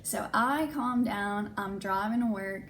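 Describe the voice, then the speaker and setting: A woman's voice: mid-range voice, unhurried, a little hiss or hum. A young adult woman vlogger telling a personal story in a casual way, acting out what people said and often saying "like". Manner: animated, acts out quoted dialogue, frequent "like".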